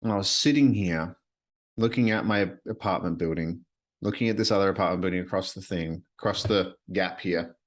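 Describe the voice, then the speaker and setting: A man's voice: sits low, fairly quick. A man hosting his own podcast at night from his apartment, talking alone in an earnest, rambling way that often repeats phrases. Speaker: podcast host. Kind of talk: solo reflective podcast monologue.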